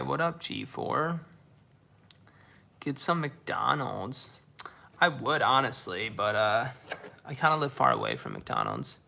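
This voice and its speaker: Laid-back young man with gravelly voice. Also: medium pitch, bright, forceful tone. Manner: laid-back slangy, repeats himself. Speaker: livestreamer reading chat. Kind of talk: casual live stream chat. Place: dark room indoors.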